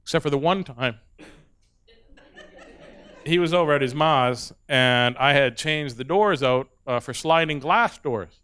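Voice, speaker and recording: Smooth-voiced man telling stand-up stories. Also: mid-range voice, a little slow, long pauses. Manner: animated storyteller who laughs at his own jokes. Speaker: stand-up comedian. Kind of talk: stand-up comedy set.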